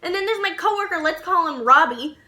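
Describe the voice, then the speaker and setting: A young woman vlogger telling a story to camera in a casual, animated way, swearing and laughing as she goes. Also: extremely high pitch, brisk.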